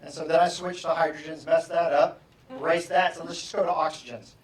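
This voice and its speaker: A man giving a motivational keynote, telling a story with animated, self-mocking humor. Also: fairly high pitch, brisk, a crowd in the background. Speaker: motivational speaker. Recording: echoey hall from far off.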